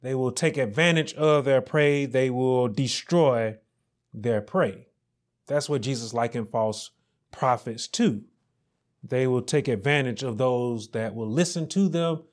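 A man preaching a sermon as pastor, slowly and emphatically, repeating key phrases and rising on scripture. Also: mid-range voice.

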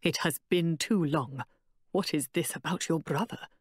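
A woman voicing a calm, solemn male warrior guide who speaks in a measured, reassuring way. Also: a little high, husky, dry recording, studio quality, voice pushed down. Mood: earnest.

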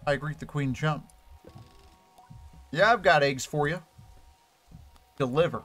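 A man's voice: on the high side, slow pace, long pauses, fairly bright tone, faint music behind. A man casually commenting while playing a video game, thinking aloud and correcting himself as he goes. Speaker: streamer. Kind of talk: casual let's play commentary.

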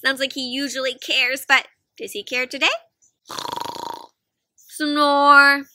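A woman reading a picture book aloud to children, animated and chatty, asking the listeners questions as she goes. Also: high voice, a little fast, noisy background. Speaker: children's storyteller. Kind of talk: interactive read-aloud for kids.

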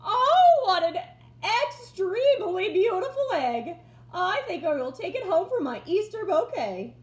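Brief: woman voicing a gushing storybook lady, shrill and swooping, roomy echo. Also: very animated, unhurried, exaggerated voice. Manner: gushing, very high and loud. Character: prim delighted lady picking flowers.

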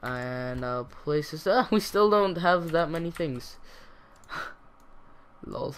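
A teenage boy casually commenting on his own gameplay, talking to himself in a rambling way with sudden excited outbursts. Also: on the high side, very slow, slight background noise. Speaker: gaming channel host.

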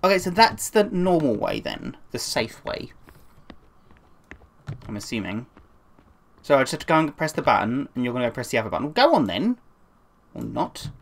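A woman's voice: rumbling low, big pitch swings, moderate pace, pauses often, slight background noise. A young woman commentating a horror game, jumpy and swearing when scared, with dry asides. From England. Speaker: gaming YouTuber. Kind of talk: let's play commentary.

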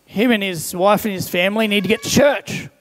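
A young man preaching a sermon, telling everyday stories in a lively way and briefly voicing the people in them. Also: high-pitched, fairly quick. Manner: animated storyteller, briefly voices the people in his examples. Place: church hall. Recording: long echo of a large church hall.

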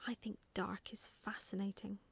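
A woman voicing a gentle young woman in whispered role-play, soft, sweet and kind. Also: mid-range voice, little pitch movement, normal speed, vocal fry, breathy edge.

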